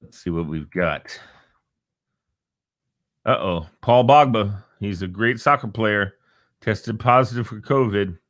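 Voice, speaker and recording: A man's voice: fairly low pitch, slow, pauses often, fairly bright tone, no echo, studio quality. A man hosting a casual talk show, rambling and joking and chuckling at his own asides. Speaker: host. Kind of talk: casual chat show monologue.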